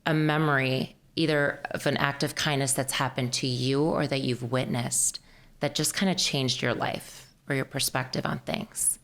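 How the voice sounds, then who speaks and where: A woman hosting a podcast with a remarkably deep voice. She puts her questions in a warm, reflective way and thanks her guest thoughtfully. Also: fairly even intonation, moderate pace. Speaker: podcast host. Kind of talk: podcast interview.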